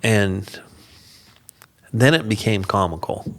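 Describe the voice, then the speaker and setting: A man's voice: on the low side, slow. A man guest on a podcast, telling a story in a casual interview, acting out the quoted lines and laughing often. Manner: animated, acts out quoted dialogue in raised voices.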